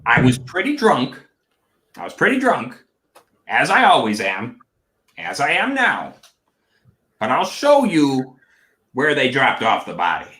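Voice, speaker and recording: A wee drunken goblin prankster rambles and repeats himself, as a man plays him. His voice is bright and a little higher, with a roomy echo. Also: wildly swooping pitch, measured pace, long pauses, heavily acted. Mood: rambling. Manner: rambling, repetitive drunken talk. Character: small drunk male goblin, cheeky prankster.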